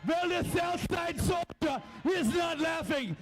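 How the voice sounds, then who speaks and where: A man doing a shouting fake-German wrestling heel. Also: very high voice, a little slow, over music. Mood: furious ranting. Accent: put-on German accent. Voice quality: loud, ranting, mixes broken German and English. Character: arrogant German heel wrestler, male, blustering.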